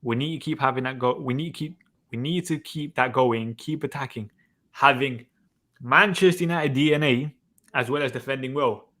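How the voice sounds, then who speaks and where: A young man hosts a casual stream, talking through plugs and sign-offs in a brisk way. His tone is bright and forward, at a medium pitch. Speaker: host. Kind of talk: casual live-stream chat.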